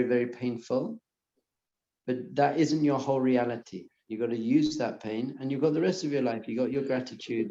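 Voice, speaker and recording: Earnest man teaching a class, mellow and roomy. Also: medium pitch, lo-fi sound. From lives in Israel. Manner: earnest and encouraging, repeats phrases softly. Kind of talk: lecture to a live class. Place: lecture room with audience.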